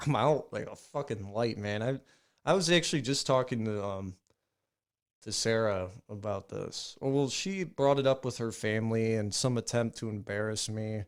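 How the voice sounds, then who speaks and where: A man co-hosting a podcast, telling a rambling, profane story in casual chat with loud acted outbursts. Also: fairly low pitch, normal speed. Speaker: podcast co-host.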